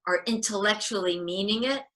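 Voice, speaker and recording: Woman guest bright, animated advice-giver, acts out little scenes. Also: mid-range voice, a little fast, poor audio. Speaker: guest author on parenting. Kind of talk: casual advice chat.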